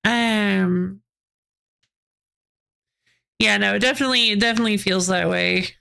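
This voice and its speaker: A woman's voice: mid-range voice, unhurried, gravelly, bright, forceful tone, clean tone. A woman streamer chatting casually with her viewers, rambling, restarting her sentences and giggling often. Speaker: game streamer. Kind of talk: casual live-stream chat, answering chat.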